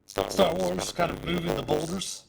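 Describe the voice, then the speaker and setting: A man's voice: fairly high pitch, big pitch swings, a little slow, gravelly, poor audio. A man narrating as game master in casual, filler-heavy speech. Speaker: dungeon master.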